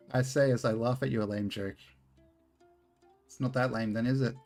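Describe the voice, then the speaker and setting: A man's voice: medium pitch, steady tone, normal speed, pauses often, a little mellow, faint music behind. An Australian man streaming a game, rambling casually, swearing freely and joking at his own expense. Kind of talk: casual live-stream chat while playing.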